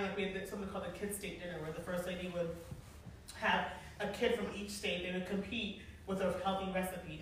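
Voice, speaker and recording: A woman in her forties telling stories to a live audience, animated and chatty, often laughing. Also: lowish voice, a little hiss or hum. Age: 40s. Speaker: event planner and speaker. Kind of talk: storytelling talk to a live audience. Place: large room with an audience. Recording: echoey room, mic from far off.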